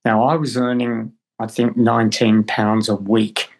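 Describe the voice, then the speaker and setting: An older man, a guest actor, spinning a long anecdote with halting restarts. He talks in a relaxed, conversational way and comes through on a video call. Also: fairly low pitch, rough recording. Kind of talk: storytelling in conversation.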